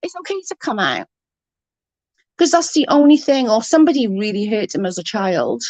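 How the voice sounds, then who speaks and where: A woman's voice: fairly high pitch, sing-song, moderate pace, a little mellow, no echo. A woman, ranting bluntly and mockingly as an online commentator, full of profanity. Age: 30s. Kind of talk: ranting live-stream chat.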